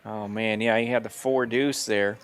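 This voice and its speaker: A man's voice: fairly low pitch, steady tone, normal speed. A man calling live poker play-by-play in an upbeat manner, laughing easily. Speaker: poker commentator.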